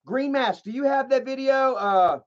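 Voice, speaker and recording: High-voiced ranting male streamer. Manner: ranting, profane, rambling with fillers. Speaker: livestream host. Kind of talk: livestream commentary. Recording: muffled lo-fi audio.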